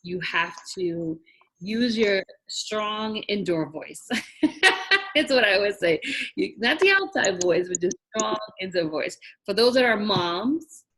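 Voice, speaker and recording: A woman's voice: medium pitch, fairly bright tone. Woman from New York, online class instructor, chatty and direct, frequent laughs. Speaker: wedding planning instructor. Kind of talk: online class, casual teaching.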